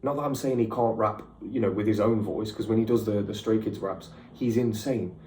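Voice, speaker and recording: A young British man doing a casual, excitable music reaction, chatty and slangy, with the odd swear. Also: fairly low pitch, a little fast, roomy sound. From United Kingdom.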